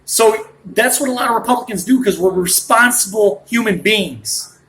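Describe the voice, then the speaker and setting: A man's voice: high-pitched, normal speed, fairly bright tone, slight background noise, low-quality recording. Guy pushing forty ranting on his own channel, all worked up, bouncing around topics. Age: late 30s. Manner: worked up, rambling, jumps between points. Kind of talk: ranting monologue.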